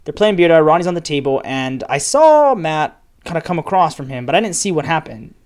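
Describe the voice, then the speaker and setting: A young man with a fairly high voice co-hosts a casual podcast. He leads the segments and announcements in an upbeat, announcer-like way. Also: sing-song, brisk, darkish tone. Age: young adult. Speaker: podcast co-host. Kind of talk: casual chat.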